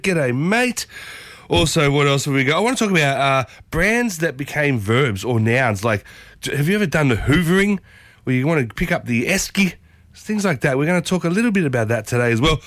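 A man in his thirties with an Australian accent, hosting a breakfast radio show in a playful, exuberant way, a little husky from a sore throat. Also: medium pitch, a bit bright, no room sound. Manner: exuberant, playful, jokey catchphrases. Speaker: radio host. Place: community radio studio. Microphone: studio microphone.

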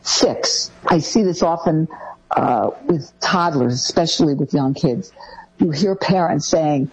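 A woman co-hosting a talk show, giving parenting advice in a casual, lively way and voicing quoted parents as she goes. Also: measured pace, husky, dull audio. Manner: lively, acts out quoted parent lines in a higher voice.

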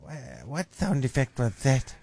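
A man's voice: medium pitch, wildly swooping pitch, measured pace, gravelly, noisy background, exaggerated voice. A man voicing a gossipy middle-aged female agony aunt, giggly and theatrical, in a radio comedy sketch. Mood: dramatic. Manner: dramatic, giggly, swooping theatrical delivery.

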